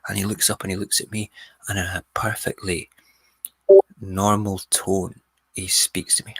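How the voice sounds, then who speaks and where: Guy hosting radio, low husky voice, bright punchy delivery, dry close mic. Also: normal speed, pauses often, no echo. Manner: animated storyteller, mimics people. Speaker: radio show host. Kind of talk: casual storytelling. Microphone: close studio mic.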